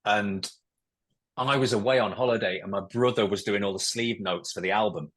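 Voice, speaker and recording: A man's voice: lowish voice, normal speed. A man in his forties, a guest telling stories in casual chat, candid and swearing freely. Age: 40s. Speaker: podcast guest, musician and ex-footballer.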